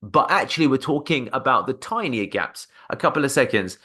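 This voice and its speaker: A man's voice: mid-range voice, animated, a little fast, sharp tone, breathy edge. A man teaching cold-calling technique with energy, breaking off to act out sample phone phrases. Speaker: sales coach. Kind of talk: instructional talk to camera.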